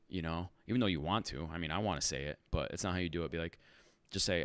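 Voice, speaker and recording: A man hosting a casual livestream Q&A for rideshare drivers, animated and talking in fits and restarts. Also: deep voice, fast talker, hardly any pauses, clean tone, no echo. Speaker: rideshare channel host answering live chat.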